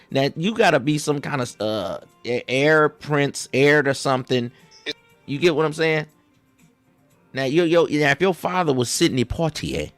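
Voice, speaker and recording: A man with a fairly high voice, recorded with no room sound, hosts satirical reactions to clips. His Southern slang comes with a drawl, and he rambles, stumbles over restarts, and keeps saying "see."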